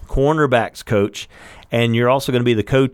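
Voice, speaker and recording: A man's voice: mid-range voice, moderate pace, clear, resonant tone, no room sound. A man hosting a faith podcast, asking questions and giving short encouraging affirmations. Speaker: podcast host.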